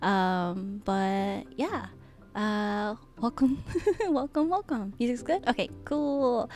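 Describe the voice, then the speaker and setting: A woman streaming live as a VTuber, chatting with her viewers in a giggly, gushing way and hesitating with many soft ums. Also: mid-range voice, takes it slowly. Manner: giggly and gushing, often laughing. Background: faint background music.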